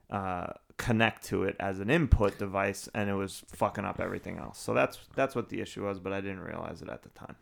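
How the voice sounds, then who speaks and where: Low gravelly man chatting on a podcast. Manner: rambling, many fillers. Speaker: podcast co-host. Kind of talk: casual chat, reading listener emails.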